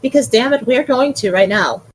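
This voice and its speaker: High-voiced giggly woman podcast host. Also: moderate pace, poor audio. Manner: giggly, reads with frequent laughs. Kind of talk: casual chat, reading aloud.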